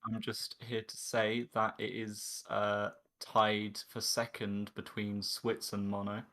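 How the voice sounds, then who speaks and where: A man organizing a game tournament, speaking hesitantly with many pauses. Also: fairly low pitch, completely flat delivery, pushed and bright. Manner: hesitant, lots of ums. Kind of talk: casual announcement.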